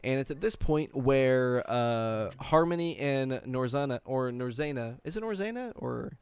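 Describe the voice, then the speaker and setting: A man running a tabletop game as game master, narrating in a relaxed way full of fillers. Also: mid-range voice, a little slow, smooth, no room sound.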